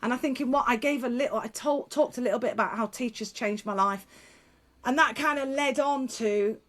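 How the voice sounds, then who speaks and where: A middle-aged woman with a voice on the high side, a guest speaker and former teacher, tells stories in an interview. She's frank and lively, laughing and quickly restarting her sentences.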